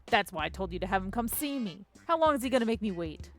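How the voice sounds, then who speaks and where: Brief: gruff overprotective father, firm and flat, read by a woman, faint music under. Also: mid-range voice, quick pace, close to an everyday voice. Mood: grumbling.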